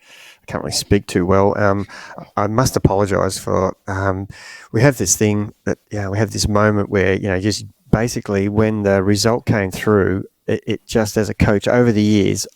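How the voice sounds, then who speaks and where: Low, dry-voiced coach. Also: male voice, flat delivery, gravelly, a little mellow, no echo. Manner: halting, emotional, many fillers. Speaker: coach and podcast host. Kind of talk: podcast conversation.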